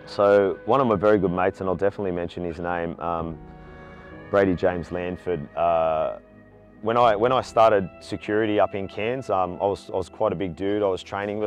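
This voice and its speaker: An Australian man in his forties, telling his own story in a candid, talkative interview. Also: sits low. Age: 40s. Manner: talkative, animated when retelling stories. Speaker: charity walker.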